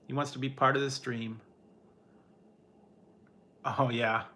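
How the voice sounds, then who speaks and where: A man's voice: mid-range voice, flat delivery, slow pace, bright, forceful tone. A man hosting a casual livestream from home, rambling and laughing often as he chats with viewers and talks to his pet. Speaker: livestream host. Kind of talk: casual chat with live chat viewers.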